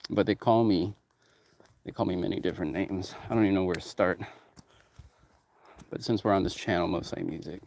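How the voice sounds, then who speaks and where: A man's voice: low voice, a little fast, long pauses, a little mellow, a little hiss or hum. A man who runs a music production company, talking in a loose, rambling way, drifting between topics and swearing freely. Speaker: music producer and label owner. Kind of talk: rambling casual talk, heavy swearing.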